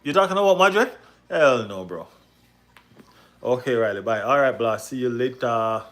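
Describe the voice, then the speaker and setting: A man hosting a football livestream, ranting excitably and repeating himself with rhetorical questions. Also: medium pitch, moderate pace. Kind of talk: casual livestream rant.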